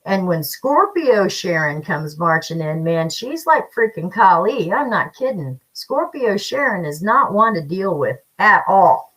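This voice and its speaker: A woman's voice: mid-range voice, big pitch swings, measured pace, fairly bright tone, rough recording. A woman hosting a casual livestream, chatting with viewers in a feisty, blunt way. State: slight cough from paint fumes. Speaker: psychic livestream host.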